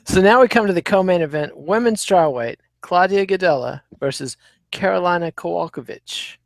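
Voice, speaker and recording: A man's voice: sits high, moderate pace, vocal fry, dry recording. A man hosting a casual podcast, previewing fights with dry, sarcastic wit. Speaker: podcast host. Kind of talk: casual chat, sports preview.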